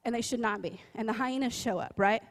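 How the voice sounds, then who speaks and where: A woman's voice: fairly high pitch, a little fast. A woman giving a sermon, telling a story with frequent "right?" asides and building to emphatic, repeated declarations. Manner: rising, emphatic preaching. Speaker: preacher.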